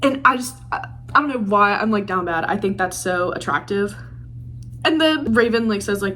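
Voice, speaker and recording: A woman's voice: mid-range voice, lively intonation, normal speed, sharp tone, slight background noise. A young woman book vlogger recapping a fantasy novel in casual, gushing chat full of fillers. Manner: gushing, chatty, full of "like" and "literally". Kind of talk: casual reading vlog chat.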